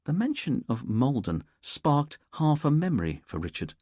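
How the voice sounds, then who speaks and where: A man narrating a mystery audiobook in a measured, expressive storytelling manner. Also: a little high, slightly rough, dry recording, studio quality.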